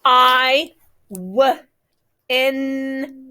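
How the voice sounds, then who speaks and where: A woman leads a classroom phonics lesson for young children. Her voice is high and bright. She speaks slowly and draws out the sounds of words, like a patient teacher. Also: smooth. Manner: slow, exaggerated stretching of sounds for young children.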